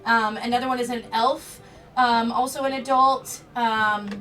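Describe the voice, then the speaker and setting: A woman runs a tabletop game as game master, her bright, fairly high voice picked up from some distance. She narrates hesitantly, stopping often for ums. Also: fairly even intonation, unhurried, faint music behind. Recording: distant mic.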